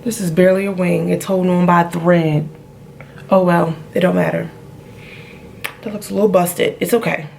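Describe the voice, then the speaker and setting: Young woman w a low raspy fry voice, chatty vlog talk, says y'all a lot, faint hiss in the room. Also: steady tone, normal speed, long pauses, a little mellow. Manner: chatty, talks to viewers as y'all, trails off mid-thought. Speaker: vlogger. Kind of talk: casual chat while doing makeup. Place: home room.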